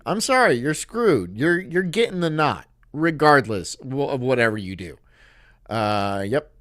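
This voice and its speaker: Male stream host, rambling crude banter, animated pitch, dry voice. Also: normal speed, dry recording. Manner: rambling, laughing at his own jokes, loud bursts.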